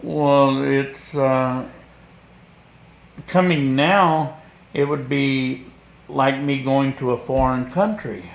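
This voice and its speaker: A man from Kentucky answers a parish interview at an unhurried pace. He restarts his sentences and repeats words as he goes. The room around him is echoey. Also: medium pitch, steady tone, creaky. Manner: slow, halting, repeats words. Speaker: parishioner and guest.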